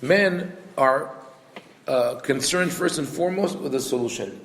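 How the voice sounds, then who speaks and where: A man's voice: a little high, measured pace, fairly bright tone. A rabbi teaching a casual class, talking in a conversational, digressive way and acting out quoted lines as he tells a story. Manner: conversational and digressive, peppered with "you know". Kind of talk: casual Torah class lecture. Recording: echoey hall with faint background noise.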